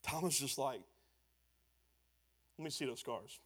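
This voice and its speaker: A man's voice: medium pitch, unhurried. A man preaching a sermon as pastor, emphatic and conversational. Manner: animated, loud and emphatic, then quieter and conversational.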